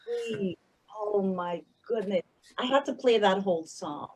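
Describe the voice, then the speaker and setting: A woman's voice: mid-range voice, sing-song, measured pace, darkish tone, slight background noise, rough recording. A woman hosting an interview who speaks in an earnest, emphatic way. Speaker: radio host.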